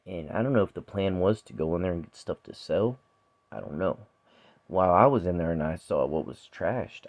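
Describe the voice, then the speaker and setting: A man telling a painful story from his own life to the camera, profane and emotional, loud when he is angry and quiet when he is full of regret. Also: sits low, dry recording. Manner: raw, profane, emotional retelling; quiet and subdued when remorseful.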